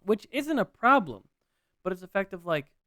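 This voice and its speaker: Higher-voiced, excitable man joking around. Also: normal speed, no echo, clean studio sound. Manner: excitable, jokey, rambling. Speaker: podcast co-host. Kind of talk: casual wrestling chat.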